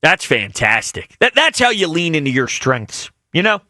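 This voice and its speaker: Male sports radio host, high and bright, dry studio mic, enthusiastic. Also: very animated, moderate pace, no echo. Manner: enthusiastic, reacts warmly to callers.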